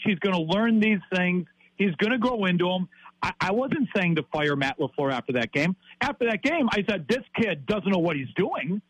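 Fired-up fifty-something guy ranting about a coach, high husky voice, dry sound, keeps stumbling over his words. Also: no room sound, low-quality recording. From Wisconsin, US. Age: 50s. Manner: ranting, exasperated, repeats himself. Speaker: sports talk guest. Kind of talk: heated sports talk.

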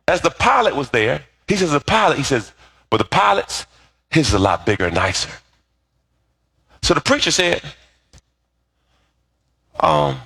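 A middle-aged male pastor preaching with a voice that swings widely in pitch. He tells stories with animation and keeps drawing the congregation into call-and-response. His voice sits in an ordinary middle register. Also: very animated, normal speed, vocal fry, long pauses, fairly bright tone, slightly rough. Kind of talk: sermon.

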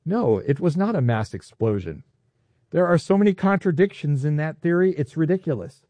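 A man preaching a sermon as a pastor, teaching in an animated, playful, excitable way. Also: a little high, moderate pace, no room sound.

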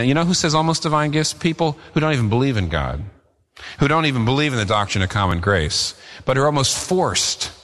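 A man preaching a sermon as pastor, earnest and emphatic, his pitch rising and falling as he presses his points. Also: a bit bright, big-room sound.

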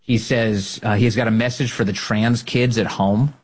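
A man hosting a podcast, giving casual, mocking commentary and jumping up high in pitch for emphasis. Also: fairly even intonation, moderate pace, slightly rough. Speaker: podcast host.

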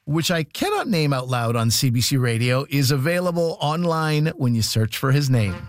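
A man hosting a radio comedy show, reading smooth, upbeat announcements. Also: medium pitch, sing-song, normal speed, a little hiss or hum. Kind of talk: scripted radio presenting.

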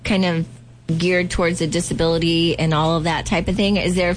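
Woman radio co-host, playful banter, quick reactions. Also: lowish voice, steady tone, a little hiss or hum. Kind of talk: casual morning radio banter.

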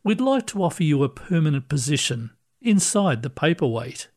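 A man voicing a kindly older male ghost who explains things patiently and gently. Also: on the high side, very animated, normal speed.

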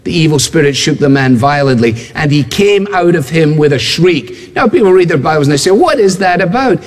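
A man's voice: on the high side, a little fast, in a large hall, a little hiss or hum. A man preaching a sermon, emphatic and building his points through repeated phrases and rhetorical questions to the congregation. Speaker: pastor.

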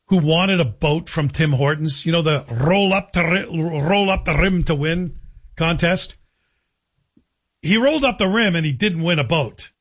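A man's voice: fairly high pitch, fairly bright tone, slightly rough. A man hosting a talk radio show, chatting through a casual monologue with wry, self-deprecating asides. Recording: dull lo-fi radio broadcast.

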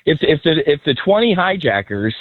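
A man's voice: fairly high pitch, big pitch swings, normal speed, dry recording. A man, a military veteran, talking bluntly and emphatically as a guest on a radio show by phone. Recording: tinny phone line.

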